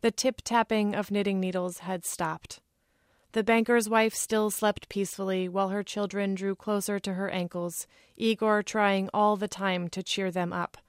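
A woman's voice: medium pitch, no echo. Woman reading her novel, dry close sound. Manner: measured literary reading. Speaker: author.

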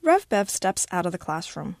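A woman reading a short story aloud with expressive, animated storytelling. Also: fairly low pitch, moderate pace, no room sound, clean studio sound. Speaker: reader.

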